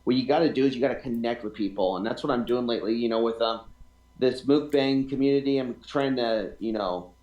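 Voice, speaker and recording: A man guesting on a casual podcast who rattles his points off at a quick clip and leans on repetition to drive them home. His voice is mid-pitched and carries a roomy echo, as if he's talking in a bare room over a remote call. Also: a little mellow, highs cut off. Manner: earnest, repeats himself for emphasis. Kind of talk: casual interview chat.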